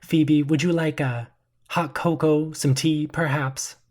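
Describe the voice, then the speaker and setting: A man's voice: on the high side, steady tone, takes it slowly, a little mellow, voice pushed up. A man voicing a cheerful, hospitable housewife in a tabletop role-play, speaking sweetly. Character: cheerful, perfectly normal housewife.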